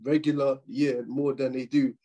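A young man chats on a podcast, his voice dark and a little husky. He talks in loose slang, swears freely and gets animated when he rants. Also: mid-range voice, moderate pace, muffled recording. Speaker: podcast co-host. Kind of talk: casual chat.

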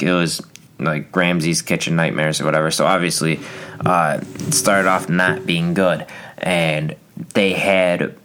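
A man's voice: low voice, fairly bright tone, smooth. A young man hosting a solo podcast, rambling through a casual rant with lots of fillers and restarts. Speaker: podcast host.

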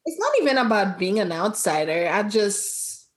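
A woman's voice: mid-range voice, moderate pace. A woman from Brooklyn in a casual chat, telling her view with animation and laughing as she talks. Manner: animated, laughs while talking.

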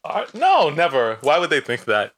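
A man's voice: fairly high pitch, huge pitch swings, normal speed, a bit bright. Young man co-host, dry teasing humor, easy conversational pace. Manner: joking, teasing banter. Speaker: podcast co-host. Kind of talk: casual chat.

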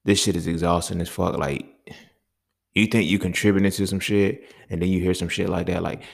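A man's voice: deep voice, steady tone, fairly quick, creaky. A young man hosting a solo podcast, talking in a heated, profane, exasperated rant. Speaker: podcast host. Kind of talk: casual solo podcast monologue.

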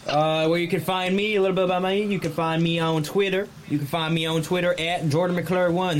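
A man's voice: high voice, fairly even intonation, brisk, hardly any pauses, a little hiss or hum. A man hosting a casual podcast, joking around and repeating himself for emphasis. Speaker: podcast host.

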